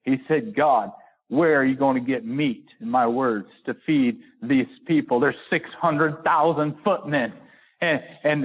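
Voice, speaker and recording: A man preaching a sermon and reading scripture, folksy and full of restarts, rising to high emphatic peaks and slowing down hard to stress key words. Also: breathy edge. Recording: narrow phone-like sound.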